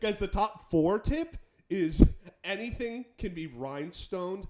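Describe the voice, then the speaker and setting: A man's voice: high-pitched, lively intonation, darkish tone, slight background noise. A man co-hosting a podcast, joking playfully and giggling between his remarks. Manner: playful, giggly, quick jokes. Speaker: podcast co-host. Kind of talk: casual podcast chat.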